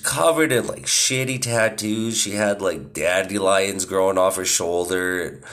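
Foul-mouthed rambling man, low voice. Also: unhurried, a bit bright. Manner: profane, rambling, laughs at own jokes. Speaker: podcast host. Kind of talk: casual monologue.

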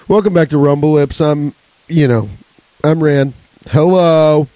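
A man's voice: fairly high pitch, measured pace, dark tone, dry recording, low-quality recording. A young adult man hosting a solo comedy podcast, rambling and swearing with laughs between jokes. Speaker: podcast host.

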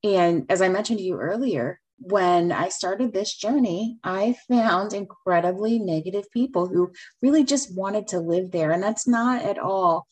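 A woman's voice: medium pitch, measured pace, hardly any pauses, a little mellow, poor audio. An older woman hosting a podcast, who raises her granddaughter and answers her guest in an affirming, supportive way. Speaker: podcast host. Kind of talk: podcast interview.

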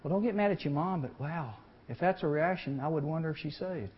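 On a muffled lo-fi recording, a male youth speaker with a voice on the high side and a slightly fast pace preaches in a folksy, animated way. He keeps asking the crowd questions and voices the people in his story.

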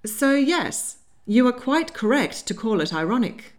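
A woman's voice: on the high side, sing-song, a little slow, pitched above the performer's own voice. A woman doing an urgent, exasperated young lady. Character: agitated young Regency lady, spirited and exasperated.

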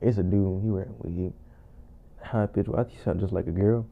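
A man's voice: deep voice, steady tone, fairly quick, gravelly. A man chiming in with blunt, joking remarks in a casual chat. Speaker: friend chiming in. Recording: tinny phone-like sound.

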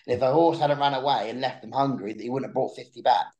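A young man guesting on a podcast tells a long, lively story at a quick pace in a mid-range voice, casually chatting and repeating words whenever he starts a sentence. He restarts as he goes, and the sound is lo-fi.

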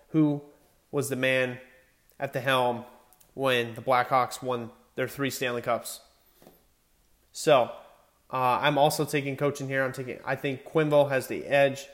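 Young male sports talker, casual and chatty, self-correcting, mid-pitch. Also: fairly bright tone. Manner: chatty, self-correcting, stumbles over names. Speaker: sports commentator. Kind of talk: casual hockey playoff predictions.

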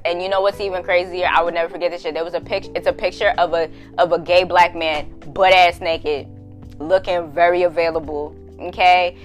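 A young adult woman hosting a podcast, telling a story in a casual, profane, slangy way and laughing loudly, with faint music behind her. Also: fairly low pitch, fairly even intonation, moderate pace. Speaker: podcast host.

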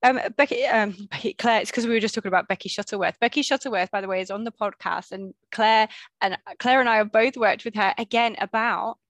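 A woman's voice: a little high, fast, fairly bright tone, dry recording. A middle-aged woman hosting a podcast, chatting casually with her guest and often restarting her sentences. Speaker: podcast host. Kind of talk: casual interview chat.

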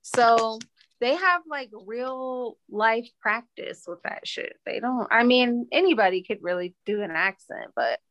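A woman's voice: fairly high pitch, lively intonation, unhurried, a bit bright, slight background noise, poor audio. A young woman co-hosting a casual podcast, rambling and restarting her thoughts as she goes. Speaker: podcast co-host.

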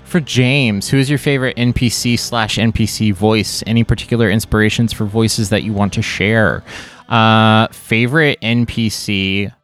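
Low-voiced man chatting on a podcast. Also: normal speed. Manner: relaxed, thinking aloud with fillers. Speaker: podcast game master. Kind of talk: casual podcast chat.

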